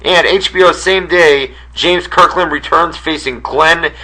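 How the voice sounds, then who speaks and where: A man's voice: a little high, a little slow, sharp tone, rough recording. A man with a New York accent co-hosting a wrestling radio show, reading out listener questions in a laid-back way. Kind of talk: casual radio banter.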